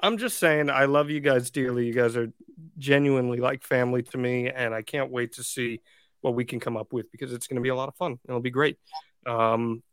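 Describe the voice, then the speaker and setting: A man's voice: mid-range voice, fairly even intonation, fairly quick, a bit bright, clear, resonant tone, no echo. Playful male podcast host, dry mic. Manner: playful, affectionate, joking. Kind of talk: casual podcast chat.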